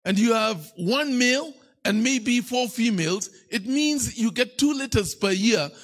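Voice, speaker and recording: A man's voice: extremely high pitch, expressive, measured pace, a bit bright. A man with a Kenyan accent preaching a sermon as a bishop, telling playful stories and teasing the congregation. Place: church.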